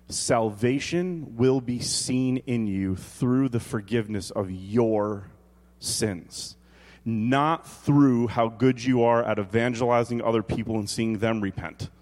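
A man in his thirties preaching a sermon, animated and joking, dropping to quiet emphasis and rising to loud exclaims. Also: medium pitch. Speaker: pastor. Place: church hall. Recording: long hall reverb.

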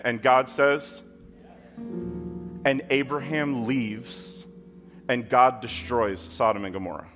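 A man's voice: mid-range voice, slow pace, pauses often, fairly bright tone, faint music behind. A man preaching a sermon in a conversational style, with emphatic asides to the congregation. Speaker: pastor. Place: church with kids in the room.

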